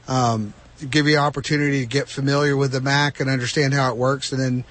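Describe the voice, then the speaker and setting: A man's voice: medium pitch, fast. Male radio host giving tech advice. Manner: relaxed, explaining step by step. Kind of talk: call-in advice.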